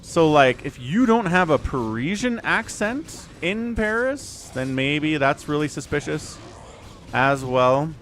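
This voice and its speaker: A man's voice: a little high, big pitch swings, slow pace, fairly bright tone, slight background noise. An American man giving casual, joking livestream commentary on a strategy game and chatting with viewers. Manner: chatty, joking, reads chat aloud.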